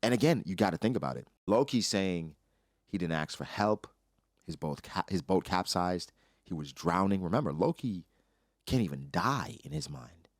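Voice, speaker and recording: A man's voice: deep voice, very animated, normal speed, dry recording, studio quality. A young man hosting casual commentary, breaking down a comic chapter and acting out character lines in his own voice. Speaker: anime reaction host.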